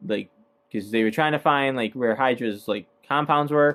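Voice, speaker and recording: A man's voice: mid-range voice, moderate pace, fairly bright tone. A man casually recapping a movie, rambling with lots of fillers and hesitations. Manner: rambling, filler-heavy, laughs at own points.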